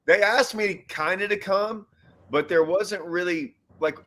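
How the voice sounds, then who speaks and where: A man's voice: high-pitched, unhurried, a bit bright. A man hosting a casual fishing chat, rambling with restarts and loose asides. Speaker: host.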